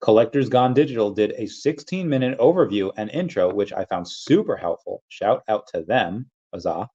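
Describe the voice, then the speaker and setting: A man with a low voice hosts a casual livestream, talking loosely and reading out viewer comments as they come in. He rambles from one point to the next. The audio is dull and lo-fi. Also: lively intonation, normal speed, mellow, breathy edge. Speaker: livestream host.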